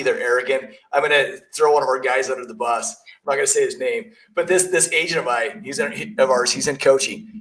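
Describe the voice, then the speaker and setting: A man's voice: mid-range voice, fairly bright tone, poor audio. A man, a realtor and coach, talking bluntly and emphatically in a casual business podcast chat, telling stories.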